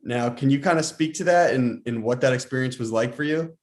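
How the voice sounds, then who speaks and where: A man's voice: mid-range voice, fairly quick, darkish tone. A man hosting an interview show, asking his guest questions in a conversational, encouraging way. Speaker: host.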